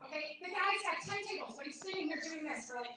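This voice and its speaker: A woman giving a live workshop talk to an audience, animated and acting out other people's lines in a higher voice. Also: fast talker, a crowd in the background. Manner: animated, acts out her mother's lines in a higher voice. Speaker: workshop presenter. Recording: echoey room, far from the mic.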